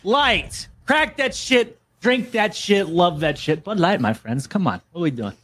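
A brash, shouty Boston sports bro, as a man puts him on with a poorly faked Boston accent. The voice sits high and swings wildly up and down. It is a loud, cocky pub-style pitch. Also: expressive, measured pace, husky, full character voice. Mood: hyped. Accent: put-on Boston, badly done.

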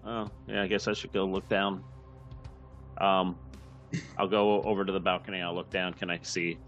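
A man's voice: low voice, little pitch movement, normal speed, fairly bright tone, soft background music. A man playing a tabletop game as a player, asking direct questions. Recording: dull, muffled sound.

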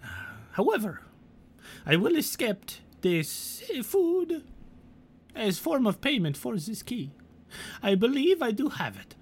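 A woman's voice: on the high side, sing-song, slow pace, pauses often, breathy edge, voice pushed up, heavily acted. A game master voicing a fussy female goblin who hoards keys and speaks in grand, archaic phrases with hesitant fillers. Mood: haughty.

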